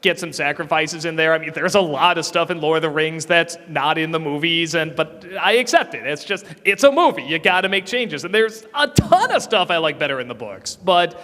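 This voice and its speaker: Holding a mic on a convention panel, a man with a scratchy throat fields audience questions in a casual, chatty manner, frequently restarting and laughing. His bright, forceful voice is on the high side, animated, a little fast, and hardly pauses, with the hall's reverb audible.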